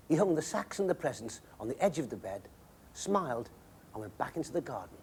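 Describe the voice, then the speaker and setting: Expressive male storybook narrator. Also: medium pitch, fairly quick, a little hiss or hum. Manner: expressive and animated. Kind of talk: storybook reading.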